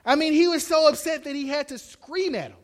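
A young man preaching a sermon, animated, acting out the quotes he shouts. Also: very high voice, a little fast. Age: young adult. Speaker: pastor.

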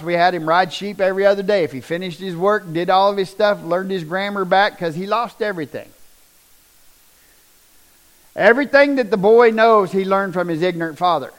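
A middle-aged man shares a testimony as a folksy storyteller. His voice sits slightly high for a man, and he swells into animated bursts of emphasis. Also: poor audio. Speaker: speaker sharing a personal testimony.

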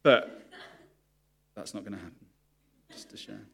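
A man's voice: on the low side, unhurried, gravelly, fairly bright tone, husky. A man preaching a sermon to his congregation, candid and confessional about his own struggles. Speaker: pastor.

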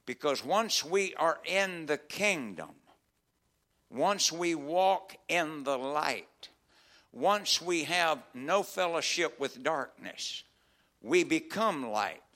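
A male preacher with a high, bright voice. He moves from calm teaching to loud, near-shouted preaching, and he repeats and stumbles over words as he goes. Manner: builds from quiet teaching to shouted, sing-song preaching; stammers and repeats words, with frequent "uh" fillers. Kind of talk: sermon.

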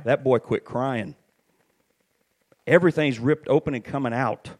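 A middle-aged man preaching a sermon, telling stories with animated swings up to shouted peaks. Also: fairly high pitch, moderate pace.

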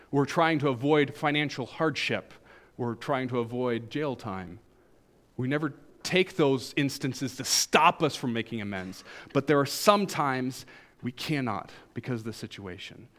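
Man preaching with emphatic swings. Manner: conversational storytelling with wry humor; swings between emphatic highs and soft, low asides. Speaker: pastor. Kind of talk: sermon.

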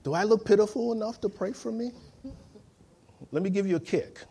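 High-voiced preacher man, emphatic. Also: a little fast, vocal fry, noisy background. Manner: emphatic call-and-response preaching, acts out quoted voices. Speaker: pastor. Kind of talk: sermon.

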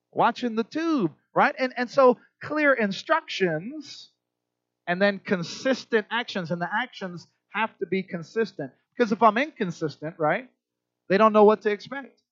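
Middle-aged male pastor, lively sermon delivery with acted-out voices; high-pitched, dry, dull sound. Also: no room sound. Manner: animated, acts out kids and parents in voices.

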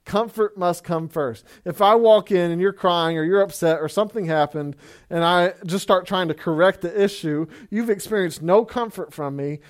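A man with a high voice delivers a sermon in a relaxed, chatty way. He talks to his listeners like a friend, sprinkling in fillers and the word "man". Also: normal speed. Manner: conversational, many fillers, says "man" often. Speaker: pastor. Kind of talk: casual sermon.

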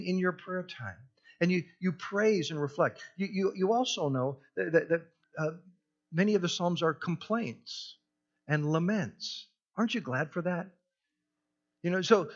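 A man preaching a sermon as pastor, swinging from near-shouted passion down to hushed, tender tones. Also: on the high side, highs cut off.

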